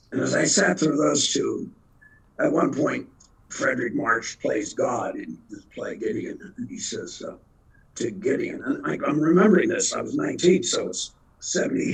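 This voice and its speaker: Gravelly, husky older man telling stories. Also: mid-range voice, a bit bright, rough recording. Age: 70s. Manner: rambling anecdotal storyteller, self-deprecating. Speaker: actor and guest. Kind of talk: storytelling interview.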